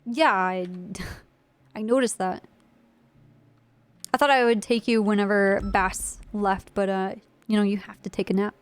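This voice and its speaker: A woman's voice: mid-range voice, fairly even intonation, a little slow, pauses often, smooth. A woman streamer playing a state trooper in online role-play, talking casually and rambling with lots of fillers. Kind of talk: in-character game role-play chat.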